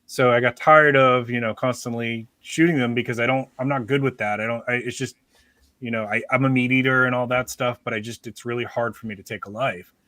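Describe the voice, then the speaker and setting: A man's voice: mid-range voice, steady tone, fairly quick, bright, forceful tone, no room sound, studio quality. A man hosting a podcast, telling a rambling, joking story in casual chat with many restarts. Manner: rambling, self-interrupting, joking. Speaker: podcast host.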